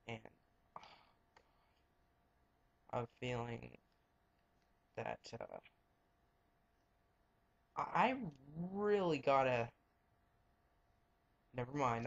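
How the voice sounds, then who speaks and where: A young man giving rambling, frank commentary over his gameplay and muttering reactions as he plays. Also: medium pitch. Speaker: let's play gamer. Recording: dull lo-fi home mic.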